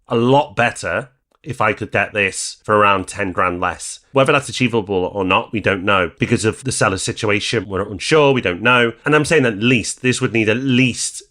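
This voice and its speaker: A man from northern England co-hosting a property podcast, calmly weighing up investment deals. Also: lowish voice. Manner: measured, weighing pros and cons aloud. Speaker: podcast co-host. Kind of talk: casual podcast discussion.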